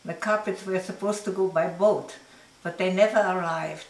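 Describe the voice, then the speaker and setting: An older woman telling her life story in an interview, reflective and unhurried, often laughing softly as she talks. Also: on the low side, steady tone, poor audio. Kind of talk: oral history recollection.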